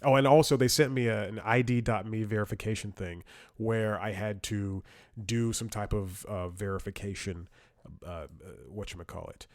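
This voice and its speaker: With a fairly low, fairly even voice at normal speed, this man hosts a comedy show. He tells meandering, wry, blunt stories, breaking into chuckles and starting over frequently as he riffs.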